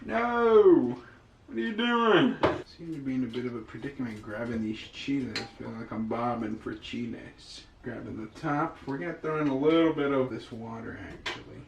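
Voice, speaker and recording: This young male cooking vlogger talks fairly quickly with few pauses, his mid-range voice holding a steady tone. He's casual, jokey and self-amused as he rambles, and the camera mic in his echoey home kitchen also catches the sizzle and spit of frying.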